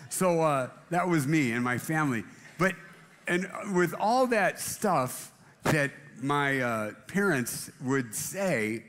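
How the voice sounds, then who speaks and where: A man's voice: on the high side, a bit bright, long reverb tail. A man preaching a casual sermon in a church, rambling and self-deprecating, with many restarts. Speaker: pastor. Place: church auditorium.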